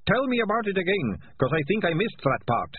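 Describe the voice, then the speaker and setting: A man's voice: sits high, very animated, fairly quick, a little hiss or hum, voice pushed up. A man voicing a battered, complaining grown ratcatcher. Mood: whining. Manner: complaining, out of breath. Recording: tinny lo-fi audiobook recording.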